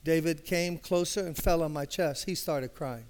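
This older man from Brooklyn, New York, has a New York accent and a slightly high, darkish voice at a moderate pace. Preaching in a church sanctuary, the pastor tells a sermon story conversationally, acts out dialogue, and builds to emphatic passion.

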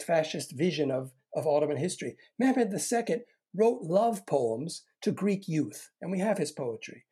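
A middle-aged historian giving a long, measured answer in an academic discussion, restarting phrases as he goes. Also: mid-range voice, mellow, breathy edge. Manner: measured, lecturing with frequent restarts.

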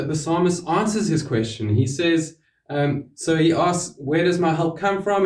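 Preacher, male, slightly high voice, earnest, hushed drops, roomy distant sound. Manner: earnest, with sudden drops to a hush on key words. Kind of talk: sermon. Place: church hall.

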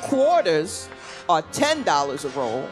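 A woman's voice: deep voice, sing-song, slow pace, music in the background, exaggerated voice. Woman doing a blunt old cashier lady. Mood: knowing. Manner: bossy, repetitive, streetwise advice-giving.

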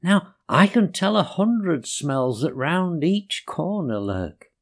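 A man's voice: a little high, very animated, slow pace, voice pushed up, heavily acted. A man voicing an eager, curious young male puppy in a storybook poem.

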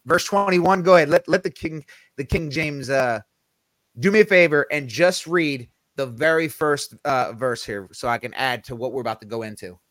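Speaking at normal speed in a mid-range, fairly bright voice with no room sound, a man leads a podcast Bible study. His explanations are casual and conversational, with self-corrections and heavy, emphatic reliance on quoted scripture.

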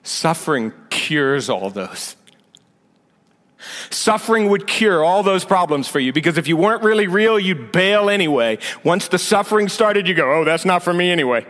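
A man with a high, sing-song, somewhat bright voice preaches at normal speed from a church sanctuary. As senior pastor, he keeps the sermon conversational, drops in sarcastic remarks, and builds to emphatic points under the hall's long reverb.

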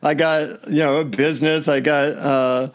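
A man, a podcast guest on a remote call, tells animated anecdotes in a casual way. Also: on the high side, moderate pace. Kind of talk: casual storytelling interview.

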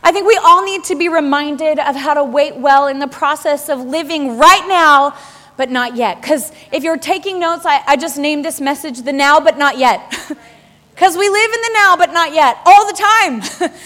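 Woman preacher, high voice, animated and laughing, sermon, long hall reverb. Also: normal speed. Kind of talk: sermon to a live congregation.

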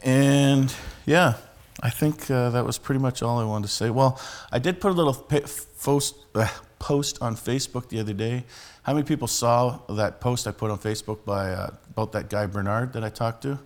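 A man's voice: medium pitch, normal speed. A man, a street preacher telling a story and teaching in a conversational sermon style with many restarts.

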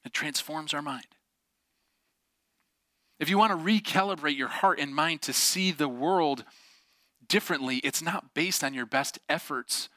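A man's voice: a little high, a little slow, long pauses, no room sound, clean studio sound. A young adult man preaching a sermon as a pastor, telling a personal story and acting out the voices in it. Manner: animated storytelling with acted-out quotes.

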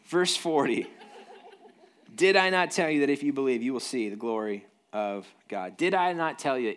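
Conversational pastor with lively asides. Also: male voice, medium pitch. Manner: conversational, animated, jokey asides. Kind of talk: sermon.

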